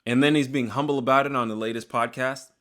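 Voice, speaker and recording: A young man, an MMA commentator, giving an animated, jokey opinion vlog that talks straight to the fighters. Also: medium pitch, fast talker. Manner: animated, hyped, jokey, addresses fighters directly.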